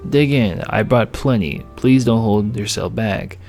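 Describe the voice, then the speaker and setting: Brief: a man doing a sweet cheerful young woman baker, eager and playful, low-pitched read. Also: a little slow, creaky, darkish tone, faint music behind. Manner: playful, enthusiastic, polite.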